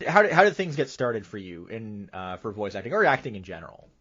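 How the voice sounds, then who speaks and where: A man's voice: on the low side, very animated, fast talker, fairly bright tone. A male podcast host asking questions in a casual interview, often stumbling and repeating words. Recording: dull lo-fi audio.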